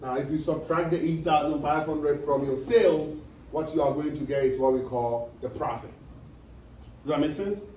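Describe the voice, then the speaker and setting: A man's voice: fairly high pitch, steady tone, normal speed, a little mellow. Lecturing man in an echoey room. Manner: repetitive, checks understanding with questions. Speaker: accounting lecturer. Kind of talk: classroom lecture. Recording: echoey room, distant mic, faint noise.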